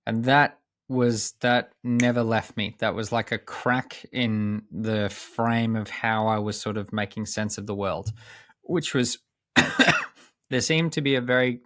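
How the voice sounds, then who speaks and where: A young man, a coach and podcast guest, telling a personal story in a measured, earnest way with pauses and restarts. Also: fairly low pitch, steady tone, fairly bright tone, dry recording, clean studio sound.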